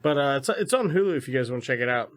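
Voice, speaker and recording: A man's voice: mid-range voice, lively intonation, racing. A man co-hosting a podcast in casual chat, joking around with lots of swearing. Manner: profane, joking banter. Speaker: podcast co-host.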